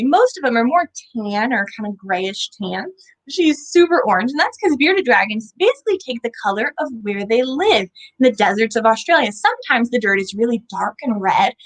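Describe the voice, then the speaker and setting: Bubbly, sing-song woman educator, a bit high-voiced, teaching kids indoors at an animal center. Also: a bit bright, poor audio. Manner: bubbly, sing-song, asks children questions. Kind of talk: kids' lesson.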